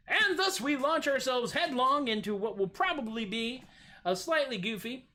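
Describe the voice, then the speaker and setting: A man's voice: high voice, sharp tone. A man hosting a livestream music show, chatting casually and goofily between his songs in a rambling, self-deprecating way at home. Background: acoustic guitar playing.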